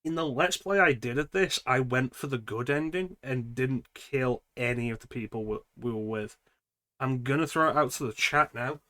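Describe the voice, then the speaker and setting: A man's voice: mid-range voice, normal speed, pushed and bright, no echo. Wisecracking man streaming a game. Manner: joking, sarcastic asides. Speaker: streamer playing a horror game. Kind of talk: casual game commentary. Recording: noisy stream audio.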